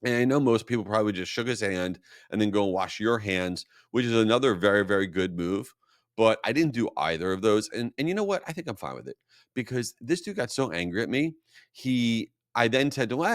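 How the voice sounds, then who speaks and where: A man hosting a solo marketing podcast, talking casually and telling stories with a self-mocking, animated manner. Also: fairly low pitch, fairly quick, no room sound, studio quality. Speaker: podcast host.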